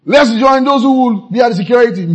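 A man preaching a sermon, lively and playful, acting out church members in mocking voices. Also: very high-pitched, normal speed. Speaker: pastor.

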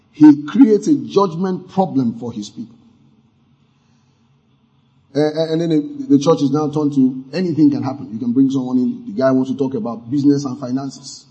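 A man's voice: on the high side, mellow. A man preaching a sermon as pastor, emphatic, with asides and acted-out sound effects. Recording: muffled lo-fi sermon audio.

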